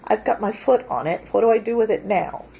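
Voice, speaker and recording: A woman voicing her family dog as a puzzled, excitable female dog, in a bewildered, questioning tone. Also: medium pitch, fairly quick, creaky, slight background noise, pitched above the performer's own voice, rough recording.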